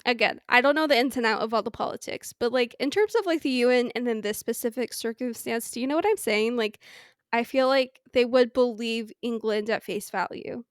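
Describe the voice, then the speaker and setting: A woman's voice: on the high side, brisk, clean tone, dry recording, studio quality. A woman co-hosting a podcast in casual chat, rambling with many "like" fillers and rhetorical questions. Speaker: podcast co-host.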